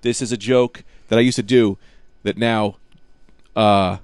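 A man's voice: on the low side, steady tone, clean tone, no echo, studio quality. A man co-hosting a podcast, telling jokey stories in casual banter. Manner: rapid, storytelling, jokey. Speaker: podcast co-host.

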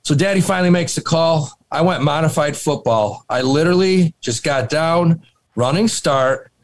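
A man on a podcast telling a long, animated story in casual chat, swearing and laughing as he goes. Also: on the high side, normal speed. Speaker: podcast co-host.

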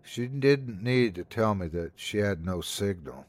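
A man's voice: on the low side, lively intonation, measured pace, no room sound. A man hosting a podcast, giving dramatic scripted narration of a horror story.

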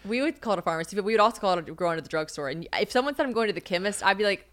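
A woman's voice: mid-range voice, expressive, very fast, hardly any pauses, fairly bright tone. A young woman hosting a podcast, chatty and blunt, swearing playfully. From Nashville, USA. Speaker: podcast host. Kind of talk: casual chat.

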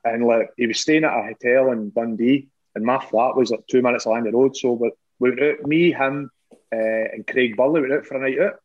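A man's voice: medium pitch, steady tone, brisk, dull audio. A man with a Scottish accent, a former footballer, telling swearing, laughing anecdotes in casual chat.

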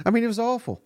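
A man's voice: very high-pitched, darkish tone, no echo, studio quality. A man hosting a live sports reaction podcast, giving blunt, exasperated and profane commentary. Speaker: podcast host.

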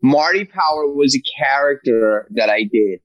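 Male comic guest, lively storyteller, dry close sound. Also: mid-range voice, moderate pace, no room sound, dull audio. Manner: animated storyteller, slips into character voices. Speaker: guest comedian. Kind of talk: casual podcast chat.

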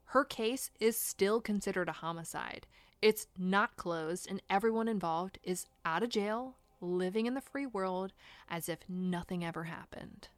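A woman's voice: mid-range voice, unhurried, no echo. Blunt, indignant woman narrating true crime. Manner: blunt, indignant, swears for emphasis. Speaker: true crime podcast host.

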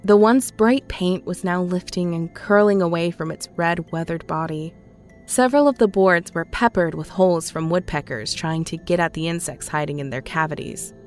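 Woman narrating a horror story calmly. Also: on the low side. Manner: calm, measured storytelling. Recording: faint music underneath.

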